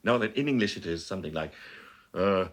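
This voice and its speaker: A man's voice: low-pitched, fairly quick. An older man with a Welsh accent, an opera singer reminiscing expansively and emphatically in an interview. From Wales. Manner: expansive and emphatic, lively storyteller. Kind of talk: reflective interview talk.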